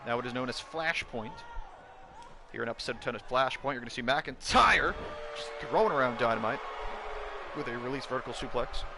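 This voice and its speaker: Excitable man calling wrestling play-by-play. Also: medium pitch, fairly quick, gravelly, noisy background. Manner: excitable, bursts into shouts at big moves. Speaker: wrestling game commentator. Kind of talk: play-by-play commentary of a video game.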